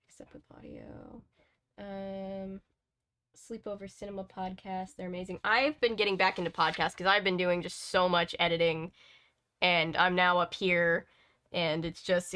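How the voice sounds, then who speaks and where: A woman reads a novel aloud at home, casual and unhurried. She keeps breaking off for chatty, self-mocking asides before picking the story back up. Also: medium pitch, a bit bright. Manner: chatty, laughs at herself, digresses often. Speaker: book-reading channel host. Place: home editing room.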